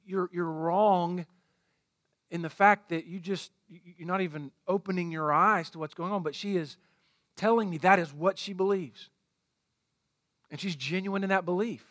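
Emphatic, high-voiced pastor preaching. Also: male voice, a bit bright, no room sound, studio quality. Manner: emphatic, repeats points for stress. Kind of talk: sermon.

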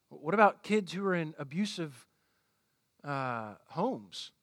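A man's voice: high-pitched, a bit bright, no echo, studio quality. A male pastor preaching a sermon, repeating his points for emphasis.

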